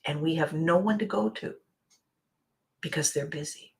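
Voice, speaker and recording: A woman hosting a motivational monologue, acting out little scenes and dropping to a soft near-whisper for emphasis. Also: sits low, moderate pace, gravelly. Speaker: podcast host.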